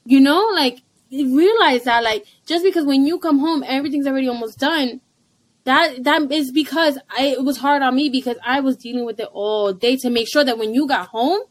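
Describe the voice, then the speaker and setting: A young woman and stay-at-home mom co-hosting a casual chat, animated and blunt, laughing often. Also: sits high, normal speed.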